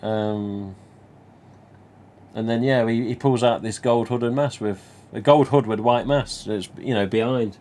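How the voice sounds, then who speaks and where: A man with a Nottingham accent talks at an everyday middle pitch, rambling through a personal story on a livestream. He keeps adding little asides and drops the odd mild swear word. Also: steady tone, unhurried, mellow. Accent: Nottingham English. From England. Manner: chatty, rambling, many you-knows, mild swearing. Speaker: livestream host. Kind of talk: casual anecdote telling.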